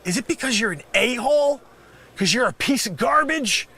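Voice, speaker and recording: Brief: male improv comic playing a scammer, bright high voice, put-on New York accent, lively bursts. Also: normal speed, vocal fry, husky. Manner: loud, insulting, swings from shouting to muttering. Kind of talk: improvised comedy sketch.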